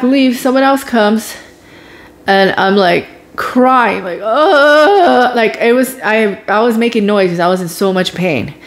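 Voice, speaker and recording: A woman vlogger telling her own story in a casual, emotional way, with sighs and groans as she relives it. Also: a little high.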